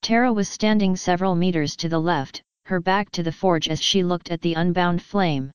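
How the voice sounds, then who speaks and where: A woman narrating a story with an even, steady delivery. Her voice sits a little low and is exceptionally clear. The sound is dry and close. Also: no room sound, highs cut off. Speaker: story reader. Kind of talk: scripted narration.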